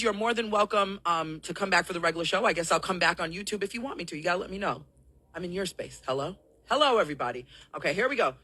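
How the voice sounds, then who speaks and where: Hoarse from coughing and slightly breathless, the host of a live-streamed talk show apologetically gives her viewers long explanations. Her voice runs on the low side and sounds pushed and bright, with no echo.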